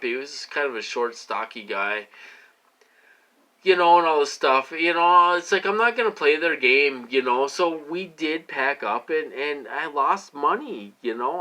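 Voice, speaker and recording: A man's voice: fairly high pitch, sharp tone. A man talking loosely to his viewers in a rambling personal monologue, repeating himself and filling gaps with "you know.". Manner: loose, repetitive, heavy with fillers. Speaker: vlogger.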